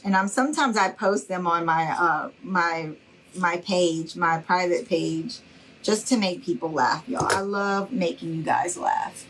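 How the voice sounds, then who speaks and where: A woman's voice: on the low side, fairly bright tone, rough recording. A middle-aged woman hosting a craft livestream, chatting casually and folksily with her viewers and calling them y'all. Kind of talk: casual chat with live viewers.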